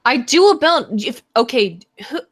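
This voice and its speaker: Woman host, casual chat, emphatic, profane, slightly high voice. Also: animated, moderate pace. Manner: emphatic, swears freely. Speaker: stream host.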